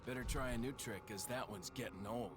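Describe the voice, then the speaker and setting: A man's voice: medium pitch, fairly quick, very noisy, natural voice. A man voicing a wry young agent. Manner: wry, laid-back. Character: dry-witted young male government agent. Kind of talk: video game cutscene acting. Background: game music.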